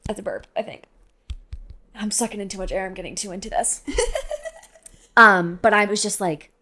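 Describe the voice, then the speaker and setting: A woman's voice: mid-range voice, moderate pace. Rambling young woman, chatty podcast guest. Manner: animated, rambling, fills with "like". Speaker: podcast guest, host's best friend. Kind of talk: casual chat. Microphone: podcast mic.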